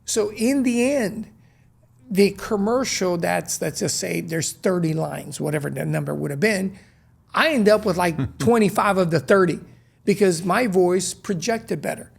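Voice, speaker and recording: A man telling stories as an interview guest, lively and acting out the dialogue he recalls. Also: high-pitched, normal speed, creaky, husky. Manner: lively, acts out quoted dialogue. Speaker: guest, restaurant co-founder. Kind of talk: animated storytelling in conversation.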